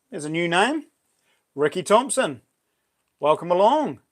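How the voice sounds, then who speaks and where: A man's voice: high voice, lively intonation, unhurried. A middle-aged man with a New Zealand accent hosting a casual live stream, greeting viewers by name in a chatty way. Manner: chatty, reads out viewer names and greets them warmly. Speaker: livestream host.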